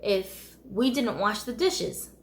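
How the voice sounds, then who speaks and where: A woman's voice: mid-range voice, lively intonation, slow, a little hiss or hum. A woman from the United States telling her life story in a candid, conversational vlog, often laughing wryly.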